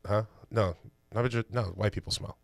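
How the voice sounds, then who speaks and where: Fast-talking playful podcast man. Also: on the low side, fairly even intonation, gravelly, no room sound, studio quality. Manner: playful, quick-witted. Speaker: podcast co-host. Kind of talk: casual banter.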